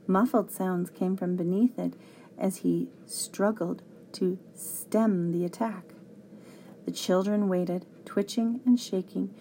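Slow, mellow woman reading a storybook. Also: mid-range voice, a little hiss or hum. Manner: expressive read-aloud delivery. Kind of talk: storybook narration.

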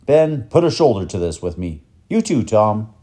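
Kind old professor in a storybook, read by a man, low mellow voice, gentle explaining. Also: sing-song, normal speed. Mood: cheerful. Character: kindly older male professor, warm and learned.

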